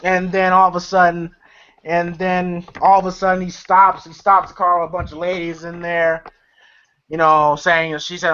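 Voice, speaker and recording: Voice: medium pitch, flat delivery, normal speed, fairly bright tone, clean tone. Rambling movie reviewer, lo-fi sound. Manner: rambling and laughing with many fillers. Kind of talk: casual movie recap. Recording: dull lo-fi recording.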